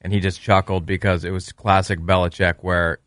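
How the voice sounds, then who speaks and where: A man's voice: sits low, level tone, brisk, fairly bright tone, no room sound. A man in a casual sports chat, recounting an interview with some hesitation.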